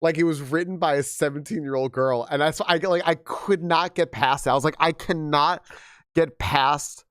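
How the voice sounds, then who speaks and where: A young man chatting casually on a game stream, rambling and animated with frequent restarts, slightly hoarse from losing his voice. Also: on the high side, fairly quick, hardly any pauses, no room sound, clean studio sound. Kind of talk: casual live-stream chat.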